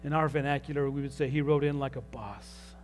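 A man's voice: mid-range voice, fairly even intonation, fairly quick, slight background noise. A man preaching as a pastor, earnest and rising in emphasis on key phrases. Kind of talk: sermon.

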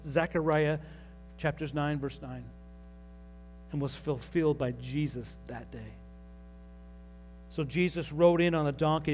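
A man's voice: a little high, darkish tone. A man preaching as a pastor, earnest and rising in emphasis on key phrases. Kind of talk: sermon.

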